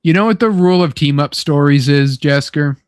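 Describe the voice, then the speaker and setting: A young man with a slightly high voice chats excitedly as host, swearing freely and acting out little quoted lines. The sound is dry and close, with no room around it. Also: fairly quick, smooth, no room sound. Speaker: podcast host. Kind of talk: casual chat.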